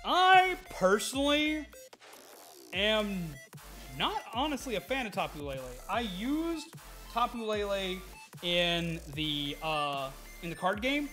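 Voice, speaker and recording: Chatty male streamer, slightly high voice. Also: animated, moderate pace, fairly bright tone, soft background music. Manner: chatty, answers chat, laughs easily. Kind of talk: casual live-stream chat.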